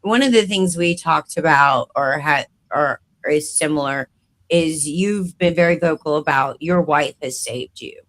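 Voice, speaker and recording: A man hosting an interview show, speaking gently and affirming his guest. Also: on the high side, measured pace, low-quality recording. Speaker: host.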